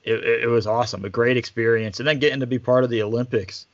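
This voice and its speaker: A man telling stories as a guest in casual chat, relaxed and full of fillers. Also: medium pitch, fast talker, dry recording, muffled recording. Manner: relaxed, chatty, lots of fillers. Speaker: basketball staff guest. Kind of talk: casual storytelling.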